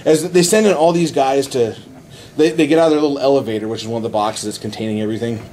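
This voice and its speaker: A man in casual podcast chat, retelling a movie plot excitedly with many restarts. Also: medium pitch, fast talker, slight background noise. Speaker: podcast host.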